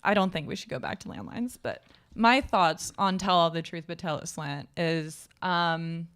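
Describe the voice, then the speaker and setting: A woman's voice: fairly low pitch, normal speed, fairly bright tone, clear, resonant tone. A woman in a poetry seminar, thinking aloud in long, reflective sentences. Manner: thoughtful, reflective, speaks in long clauses. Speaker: seminar participant. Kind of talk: casual seminar discussion.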